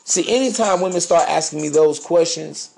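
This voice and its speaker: A man with a slightly high voice holds forth on dating, swaggering and preachy, dropping crude words with total confidence. Faint music runs behind him. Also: moderate pace, creaky, a little mellow. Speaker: podcast host. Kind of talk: dating advice monologue.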